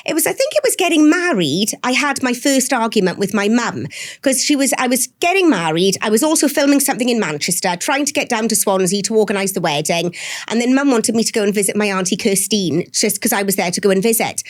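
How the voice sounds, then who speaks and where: A Welsh woman in her forties, a podcast guest chatting casually and telling candid, lively stories with the odd swear. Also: fairly high pitch, brisk. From Wales. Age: 40s. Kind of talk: casual interview chat.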